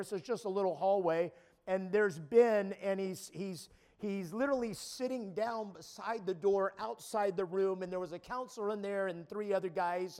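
High-voiced preacher stammering into shouts. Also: male voice, clear, resonant tone. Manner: repetitive stammering restarts, builds to shouting. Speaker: pastor. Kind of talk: sermon. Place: camp meeting.

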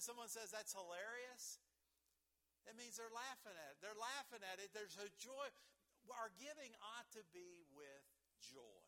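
Animated man preaching, high bright voice. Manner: folksy, animated preaching with chuckles and rhetorical questions. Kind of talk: sermon. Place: church.

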